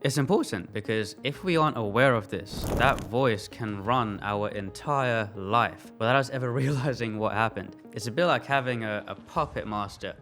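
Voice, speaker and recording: A man who works as a life coach gives a motivational talk to the camera. He speaks in a calm, earnest way and often asks the listener direct questions. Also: lowish voice.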